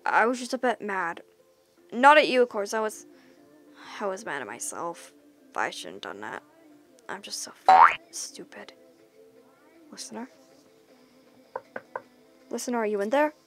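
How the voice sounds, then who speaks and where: A woman voicing a remorseful young boyfriend in a whispered role-play, talking in a hushed, apologetic way with some swearing. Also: mid-range voice, big pitch swings, measured pace, pauses often, faint music behind. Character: remorseful young boyfriend, jealous, hot-tempered.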